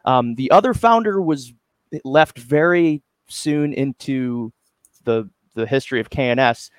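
A man guesting on a podcast as a company representative, relaxed and modest, with some hesitant fillers. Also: medium pitch, unhurried, no echo. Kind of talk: casual interview chat.

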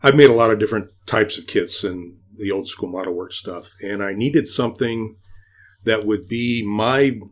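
A man's voice: fairly low pitch, normal speed. A man as a podcast guest, explaining his model kit design with many fillers. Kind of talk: casual interview.

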